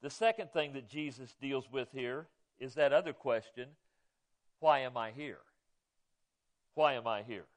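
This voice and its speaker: A middle-aged man preaching a sermon, conversational, often asking his listeners questions and swinging between loud emphasis and quiet asides. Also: mid-range voice. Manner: conversational, asks the congregation questions. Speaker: pastor.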